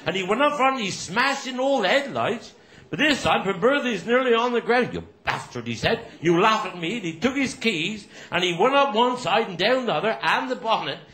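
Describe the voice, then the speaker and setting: A man telling crude stand-up jokes with lively delivery and laughter. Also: sits high, fairly quick. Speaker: stand-up comedian. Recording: roomy echo.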